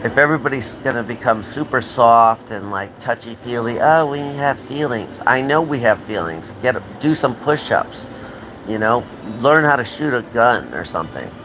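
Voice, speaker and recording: A man's voice: mid-range voice, expressive, moderate pace, noisy background. An American man hosting a live stream, ranting in a rambling, profane and heated way and answering viewers' comments. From United States. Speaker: livestream host.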